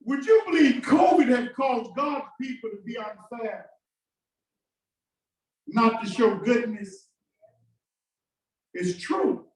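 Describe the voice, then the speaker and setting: Impassioned preacher in an echoing church. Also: male voice, very high-pitched, slow pace, pauses often. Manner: call-and-response preaching, shouting bursts and sudden drops. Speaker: pastor. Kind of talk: sermon. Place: church sanctuary. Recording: very echoey church from a distance.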